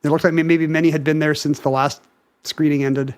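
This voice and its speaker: A man's voice: a little high, flat delivery, brisk, a little mellow, clean tone. A man co-hosting a podcast in casual chat, joking and explaining at length. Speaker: podcast co-host.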